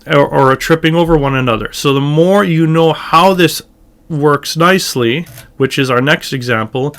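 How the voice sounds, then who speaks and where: A man teaching church chant in a relaxed lesson, explaining syllable emphasis and singing short examples. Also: on the high side. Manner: thoughtful, slow, demonstrating chant phrases by singing. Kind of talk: informal music lesson with sung examples.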